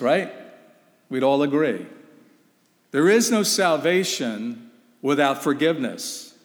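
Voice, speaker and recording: A man preaching a sermon, emphatic and urgent, putting rhetorical questions to his listeners. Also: medium pitch. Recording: long reverb of a hall.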